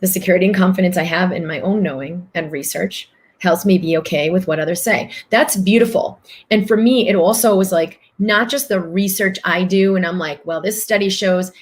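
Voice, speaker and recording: A woman host talking earnestly on a live stream, reading out viewer comments and answering them in long flowing phrases. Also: lowish voice.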